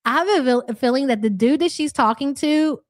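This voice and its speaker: Young woman, Louisville accent, reaction-stream host; blunt, profane, sarcastic delivery, pitched a bit high. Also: fairly quick, no room sound, clean studio sound. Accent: Louisville Kentucky. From Louisville area, USA. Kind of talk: live-stream reaction commentary, reading chat.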